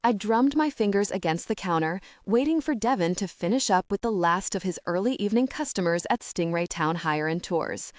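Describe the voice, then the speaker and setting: A woman's voice: medium pitch, moderate pace, few pauses, dry recording. Woman narrating a romance audiobook, close and dry. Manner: expressive, conversational storytelling.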